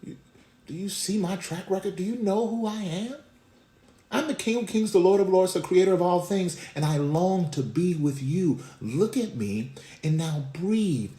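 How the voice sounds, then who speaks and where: A man's voice: sits high, expressive, normal speed, mellow, voice pushed up. A man voicing God, earnest and pleading. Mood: majestic. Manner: pleading, repetitive. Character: God, loving and commanding, calling people close. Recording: roomy echo.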